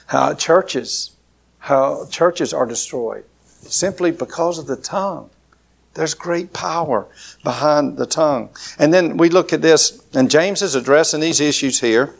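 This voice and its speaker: Gravelly Southern preacher man. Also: mid-range voice. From southern Alabama. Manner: conversational preaching with folksy asides and rising emphasis. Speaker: pastor. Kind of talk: sermon.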